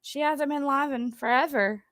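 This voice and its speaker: A woman's voice: high-pitched, moderate pace, fairly bright tone, no echo. A woman hosting a live stream, chatting casually with viewers in a rambling, chatty way. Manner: rambling, chatty, laughs easily.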